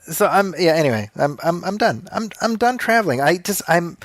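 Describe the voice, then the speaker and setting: A man's voice: high-pitched, lively intonation. A man in his forties talks casually as a podcast co-host, often restarting his sentences. His tone is wry and dry. The sound is close and dry, with no room echo. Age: 40s. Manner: halting, restarts phrases, wry. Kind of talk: casual chat.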